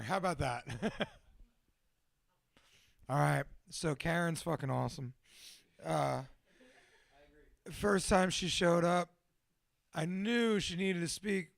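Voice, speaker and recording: A man's voice: fairly high pitch, no room sound. A man emceeing a live event, casual and loose, with swearing. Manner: loose, profane, gravelly. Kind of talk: casual hosting.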